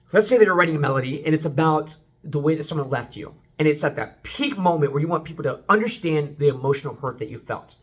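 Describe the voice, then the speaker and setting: A man giving a casual, unscripted songwriting lesson to camera, excitable and rambling, breaking into short sung examples. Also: fairly high pitch. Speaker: vocal coach.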